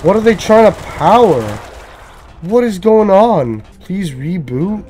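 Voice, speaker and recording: A man giving casual, excitable gaming commentary, swearing and frantically repeating himself as the action heats up. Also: sits high, slow pace, slightly rough. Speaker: gameplay commentator.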